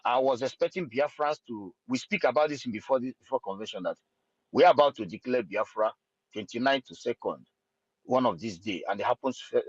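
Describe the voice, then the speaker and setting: A man's voice: mid-range voice, husky, dry recording. Hesitant man, dry muffled audio. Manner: hesitant, many fillers and restarts. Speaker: speaker in an online audio space. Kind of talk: impassioned political talk.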